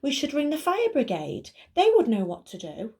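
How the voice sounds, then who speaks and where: A woman's voice: high voice, wildly swooping pitch, moderate pace, mellow, pitched above the performer's own voice, full character voice. A woman voicing a sensible, motherly woman who coos and suggests. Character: motherly woman calling from upstairs.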